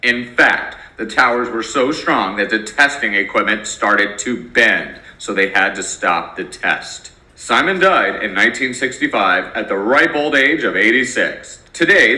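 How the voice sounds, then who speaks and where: A man teaching in a playful storytelling manner, his pitch rising and falling a lot. His voice is very bright and sharp, and it echoes around a room. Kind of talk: educational narration.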